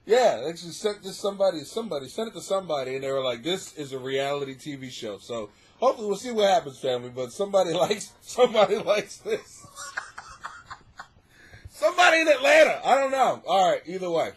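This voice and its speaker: Hosting his comedy podcast in a home basement, he talks fast in a high, husky voice. His monologue is rambling, animated, and profane, and he laughs at his own jokes.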